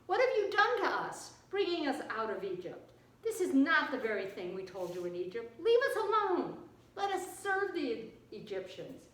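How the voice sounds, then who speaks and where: A woman's voice: sits high, sing-song, moderate pace, fairly bright tone, voice pushed up. A woman voicing a frightened crowd of Israelites who complain and protest. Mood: whiny. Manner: whiny, protesting. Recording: echoey room, distant mic.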